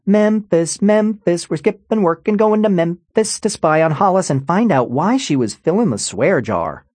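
A man reading an audiobook, voicing a lively, bossy teenage girl in a sing-song way. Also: mid-range voice, moderate pace, no room sound, natural voice. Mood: excited. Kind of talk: audiobook character voice.

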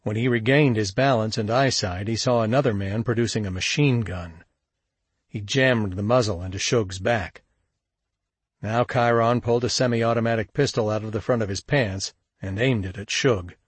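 A man narrating a crime story in a steady, measured audiobook read. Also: fairly low pitch, slightly rough, no room sound. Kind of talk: scripted narration.

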